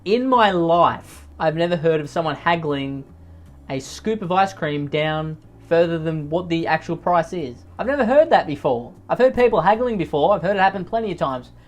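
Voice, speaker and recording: His voice runs high and expressive at a normal speed as he riffs on read-out posts, ranting in exaggerated fashion and breaking into sudden loud outbursts for comic effect.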